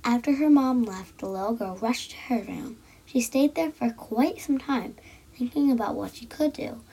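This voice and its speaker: Breathy woman reading a children's story. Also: fairly high pitch, moderate pace, poor audio. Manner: lively, acted character voices with frequent soft whispered asides. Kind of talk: storybook read-aloud for children.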